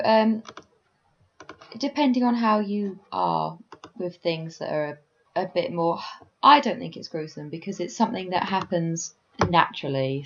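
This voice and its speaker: A woman's voice: lowish voice, lo-fi sound. A woman co-hosting a podcast, talking in a dry, matter-of-fact way and plainly explaining things in casual chat. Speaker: podcast co-host. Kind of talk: casual chat reviewing an anime episode.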